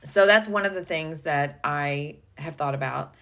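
A woman co-hosting a casual business podcast as a coach, thinking aloud with pauses and some stammering. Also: low voice, gravelly, bright, forceful tone.

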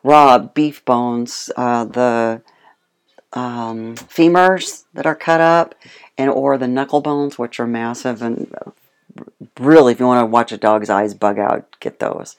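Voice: mid-range voice, slow. A guest in casual chat who tells stories with animation, laughs often and acts out what other people said. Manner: animated storytelling, acts out quotes. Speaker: guest speaking on homemade dog food.

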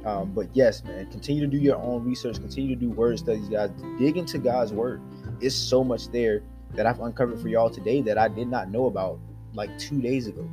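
A man's voice: medium pitch, a little fast, music in the background. A man hosting a devotional podcast, earnestly exhorting his listeners and addressing them directly. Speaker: podcast host.

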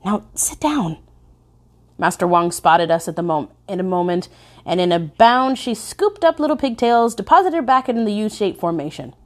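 A woman reads her own memoir aloud in a mid-pitched voice. Her pitch swings widely as she leans on key words, and the telling stays expressive and vivid throughout. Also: moderate pace. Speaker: narrator. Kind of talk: memoir narration.

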